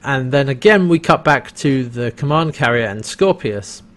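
A man's voice: mid-range voice, animated, moderate pace, fairly bright tone. A man casually recapping a TV episode for a podcast, telling the story in a rambling, amused way, full of fillers. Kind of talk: casual chat.

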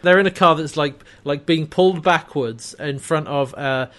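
A man with a somewhat high voice talks through an episode in an easygoing, chatty way. He walks through each scene, quotes the characters and laughs now and then. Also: normal speed, fairly bright tone. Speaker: podcast co-host recapping a TV episode. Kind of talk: casual chat.

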